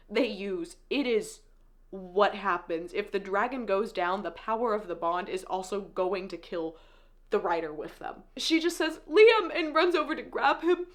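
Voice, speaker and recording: A woman's voice: medium pitch, a bit bright. Tearful woman retelling a book plot. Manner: emotional, tearful retelling with laughs. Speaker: book reviewer recapping a novel. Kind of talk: casual book recap.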